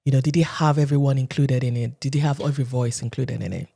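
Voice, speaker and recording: A woman from Nigeria in her thirties, telling stories as a podcast guest and acting out quotes in animated voices. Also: very deep voice, fast, vocal fry, husky. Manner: animated storyteller who acts out quotes, often laughing. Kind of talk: casual interview talk.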